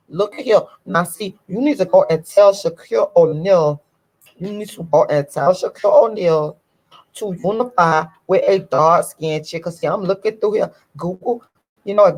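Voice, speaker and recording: A woman's voice: lowish voice, normal speed, a little mellow, rough recording. A woman vlogger giving a ranting commentary to her viewers, emphatic and indignant, repeating her points over and over.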